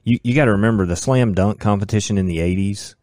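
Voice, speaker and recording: A middle-aged man co-hosting a casual sports chat, talking in a relaxed, conversational way. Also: lowish voice, fast, dry recording, studio quality. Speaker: podcast co-host.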